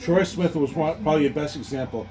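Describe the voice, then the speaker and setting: A man's voice: on the high side, quick pace, a loud crowd, low-quality recording. A man around forty hosting a casual podcast, rambling and swearing a lot, a bit tipsy, calling his listeners folks. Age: late 30s to early 40s. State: tipsy from drinking. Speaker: podcast host. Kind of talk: casual sports chat.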